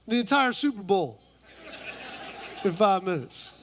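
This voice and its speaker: A man preaching a humorous sermon in church, playfully acting out conversations and mimicking women in a high voice. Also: moderate pace. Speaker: pastor.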